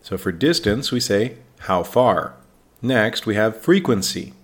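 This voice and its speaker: A man with an American accent hosting an English-learning podcast, speaking slowly and clearly and giving example sentences for learners. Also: fairly low pitch, animated. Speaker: English teacher, podcast host. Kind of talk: scripted teaching podcast.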